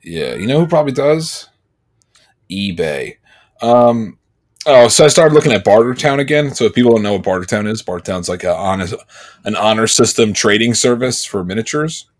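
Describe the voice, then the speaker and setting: A podcast co-host speaks in a lowish voice at normal speed during a casual chat. He rambles through stories, livening up whenever he imitates what others told him.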